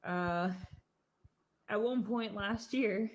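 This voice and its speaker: A woman's voice: mid-range voice, drawn-out words. Chatty woman telling a story. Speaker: preschool teacher. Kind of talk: casual storytelling to camera.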